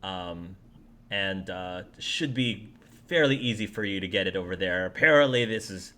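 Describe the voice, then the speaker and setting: A man's voice: low-pitched, animated, normal speed, pushed and bright. A man playing a stern middle-aged male delivery-company boss in a tabletop game, businesslike and full of fillers.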